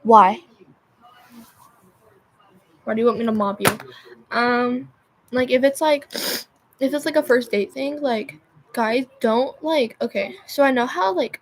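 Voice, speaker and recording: Rambling high-voiced young woman. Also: slight background noise. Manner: rambling, loses her train of thought, constant "like" fillers. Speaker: livestreamer. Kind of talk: rambling live-stream chat.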